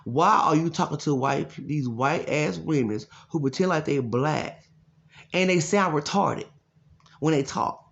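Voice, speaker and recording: A man talking as a life coach in a blunt, profane, casual rant, telling stories with loud quoted voices. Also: on the high side, animated, a little slow, creaky, highs cut off.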